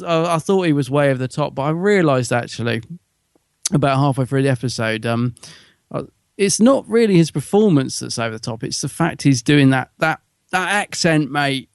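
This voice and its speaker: A man's voice: on the high side, expressive, moderate pace, gravelly, no echo, clean studio sound. A man co-hosting a podcast, giving his opinions in chatty casual conversation. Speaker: podcast co-host. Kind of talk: casual review chat.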